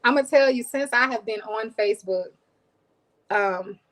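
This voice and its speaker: Her voice is fairly high and fairly bright, moving at a moderate pace on a rough recording. She's a cooking channel host on a live stream, casually chatting, laughing a lot, and thanking viewers by name in a voice people describe as soothing.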